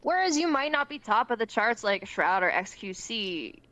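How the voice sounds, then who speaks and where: A woman's voice: on the high side, very animated, normal speed, sharp tone, no echo, poor audio. A young Canadian woman as a guest on a streamed interview, chatting in an upbeat, earnest way and laughing often. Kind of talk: casual chat.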